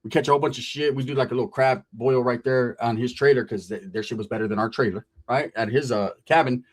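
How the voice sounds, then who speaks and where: A man telling a story in a casual, streetwise way, full of slang and swearing and punctuated by "right?". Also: medium pitch. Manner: animated, drawn-out telling with frequent "right?". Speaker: storyteller on a podcast.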